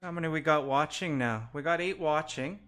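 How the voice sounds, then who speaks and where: In a live-stream pack opening, a man hosts a card break, naming each player as he opens packs and chatting with viewers. His pitch is fairly high, his tone a bit bright, and he talks a little fast.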